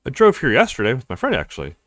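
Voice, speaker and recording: A relaxed, sociable young law student from a visual novel who makes small talk easily, voiced by a man. His voice moves up and down widely and is recorded dry and close. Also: medium pitch, very fast, dry recording. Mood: friendly. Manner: friendly and chatty.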